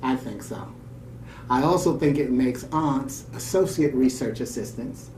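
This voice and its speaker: Speaking a little slowly in a mid-range voice, a male radio co-host reads a story and adds warm, reflective comments of his own on the fly. The recording sounds roomy from a distant mic, with faint ambience and slight background noise.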